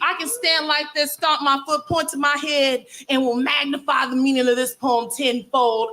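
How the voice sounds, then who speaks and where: A woman in her forties performing spoken word poetry live into a stage microphone, with emphatic, measured phrasing and long dramatic pauses. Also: high-pitched, steady tone, pushed and bright. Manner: mock-solemn, comic exaggeration.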